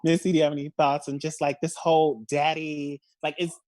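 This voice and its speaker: A woman hosting a casual recap discussion over a call, expressive and frank, often laughing. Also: low voice, brisk, dry recording. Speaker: host.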